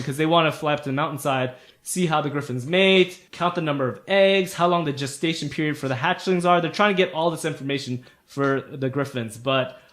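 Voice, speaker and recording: A man's voice: a little high, fairly bright tone. A man running a tabletop game as game master, narrating in a casual, loose way with fillers.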